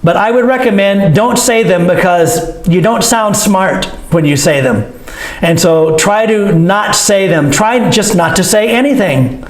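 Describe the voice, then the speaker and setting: A man teaching a language lesson, slowly acting out each sound he explains. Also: sits high, expressive. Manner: slow, demonstrative, acts out each sound. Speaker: English teacher. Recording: echoey room.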